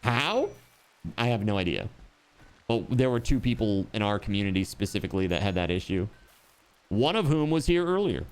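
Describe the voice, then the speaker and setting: A man's voice: on the low side, expressive, moderate pace, smooth. A man streaming a game, chatting casually and joking, swearing freely. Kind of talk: casual chat while gaming.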